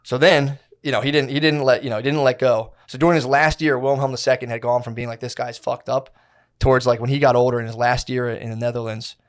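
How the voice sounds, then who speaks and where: A man's voice: medium pitch, steady tone, fast talker, hardly any pauses, smooth. A young man rambling through a story on a podcast, loose and full of slang and swearing. He keeps slipping into mocking voices for the people he talks about. It comes across as an easy chat between friends. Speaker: podcast co-host. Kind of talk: casual chat.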